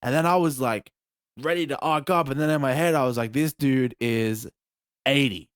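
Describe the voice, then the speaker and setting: Animated swearing Australian young man. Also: fairly high pitch, fast talker. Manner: animated, profane, acts out scenes with yelps and shouts. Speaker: podcast host. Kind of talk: casual storytelling.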